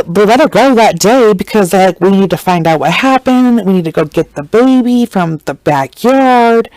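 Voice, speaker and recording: A woman tells a true-crime story in loose, irreverent podcast chat. She slips into the voices of the people she quotes. Her voice sits at a middling pitch and is recorded close and dry. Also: a little mellow, no room sound, poor audio. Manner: chatty, acts out quotes with shifting pitch; blunt and irreverent. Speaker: podcast host.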